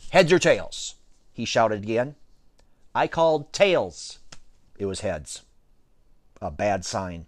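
A man reading a children's book aloud as first-person narration, in an expressive storytelling manner. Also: on the low side, takes it slowly, pauses often, no echo. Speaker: audiobook reader.

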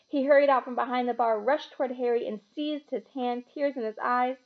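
A woman reading a children's book aloud with expressive, animated storytelling. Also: high-pitched, brisk, hardly any pauses, highs cut off.

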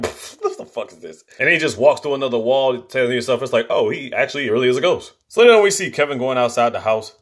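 A man casually recapping a movie plot in slangy, profane, animated talk. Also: medium pitch. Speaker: movie reviewer.

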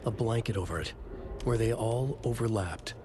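A man voicing a grim male narrator of a dark horror tale, reading scripted narration in a grave, measured way. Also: on the low side, background noise, close to an everyday voice. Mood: ominous. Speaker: game narrator.

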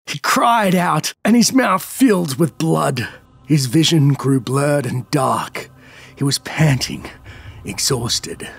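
A man narrating a dark fantasy story in a dramatic, expressive manner. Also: on the high side, takes it slowly, vocal fry, slightly rough, dry recording. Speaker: lore narrator. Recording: faint background music.

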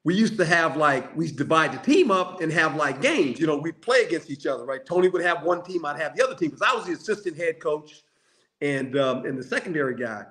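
A man's voice: fairly high pitch, expressive, a little fast, fairly bright tone. An older man, a former football coach and player, telling anecdotes in a casual chat, acting out quotes and laughing often. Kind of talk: storytelling phone-in chat.

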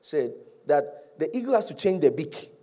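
A male pastor preaching a sermon, animated, rising to loud peaks and dropping to hushed, drawn-out lines. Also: fairly high pitch.

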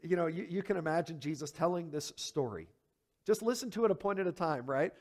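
A male pastor delivers a sermon at a fairly quick pace, animated and emphatic. He poses rhetorical questions to the congregation and swings from hushed, low asides to loud, high peaks.

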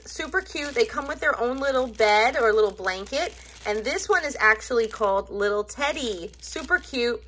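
A woman's voice: on the high side, bright, forceful tone. A woman in her thirties gushing over toys in a casual unboxing video. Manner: gushing, enthusiastic. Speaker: toy unboxing vlogger.

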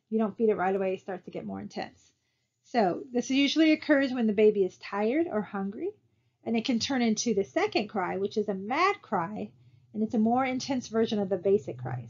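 A woman's voice: mid-range voice, darkish tone, muffled recording. A woman instructor giving a recorded slide lecture, talking conversationally and posing rhetorical questions to her students. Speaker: college instructor.

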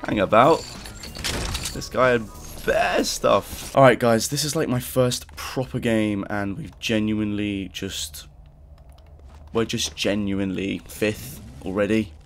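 A young man giving excited live commentary over his gameplay, exclaiming and joking in slang. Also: on the low side, a little slow, soft background music. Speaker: gaming YouTuber.

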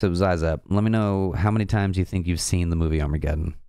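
A man's voice: sits low, fairly even intonation, quick pace, warm tone, clear, resonant tone, no echo, clean studio sound. A young man hosting a programming livestream, chatting loosely and bantering with his viewers. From American South. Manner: chatty, rambling, banters with chat. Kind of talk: casual livestream chat.

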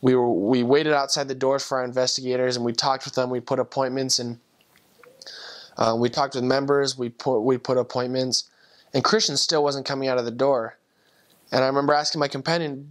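A young man and returned missionary, telling a personal testimony story in an earnest, emotional way, with halting restarts. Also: medium pitch, fairly even intonation, a bit bright.

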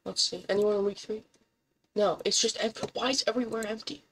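A woman gives casual gameplay commentary at a fairly quick pace, excitable and incredulous, swearing often and leaping up in pitch when something surprises her. The recording is rough.

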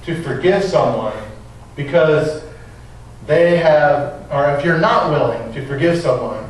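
A man's voice: a little high, lively intonation, measured pace. A man preaching a sermon as a pastor, reading scripture, praying and telling stories in an earnest way. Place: church sanctuary. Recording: echoey church from a distance.

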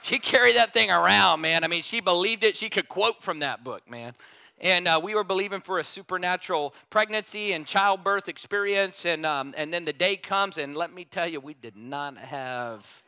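Gravelly, bright-voiced male preacher. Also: sits high, normal speed, no room sound. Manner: casual and animated, keeps saying "man"; repetitive, emphatic refrains. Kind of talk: sermon storytelling.

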